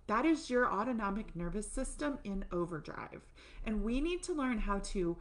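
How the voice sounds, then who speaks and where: An enthusiastic woman teaches a breathing course straight to camera. She talks fast and lively, throwing in playful asides. At times she moves off the mic to show the exercise. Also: mid-range voice. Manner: excited, fast-talking, animated asides. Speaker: course instructor.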